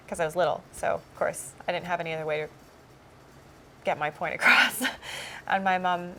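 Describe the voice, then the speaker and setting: A woman's voice: lowish voice, fairly even intonation, brisk, pushed and bright, slight background noise. A woman cast member giving a personal testimony in an interview, telling her story in an earnest, reflective way.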